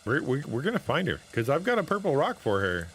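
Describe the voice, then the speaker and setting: A man's voice: on the high side, huge pitch swings, fairly quick, slight background noise. A man streaming a game, giving playful, jokey live commentary and talking to his chat. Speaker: streamer and pastor.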